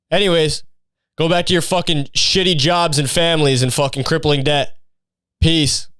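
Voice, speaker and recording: A man's voice: fairly high pitch, steady tone, moderate pace, a bit bright, clean tone, no echo, studio quality. Profane young man ranting as podcast host. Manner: profane, exasperated, mocking. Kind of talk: casual comedic rant.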